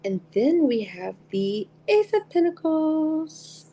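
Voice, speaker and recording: Chatty woman with a gravelly voice. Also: high voice, big pitch swings, slow, dark tone, slight background noise, low-quality recording. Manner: chatty, giggly, greets viewers by name. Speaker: tarot reader and live stream host. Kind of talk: casual live-stream chat.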